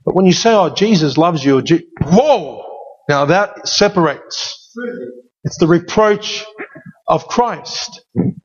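A man's voice: on the high side, lively intonation, slow, breathy edge. A man preaching a sermon as pastor, emphatic and given to repeating key phrases. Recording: dull sound with long hall reverb.

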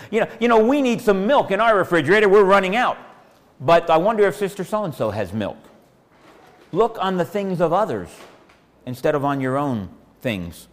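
A man preaching a sermon as pastor in a church, folksy and repetitive, asking the congregation questions. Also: on the high side. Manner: folksy, asks the congregation questions, repeats phrases. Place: church sanctuary. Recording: long hall reverb.

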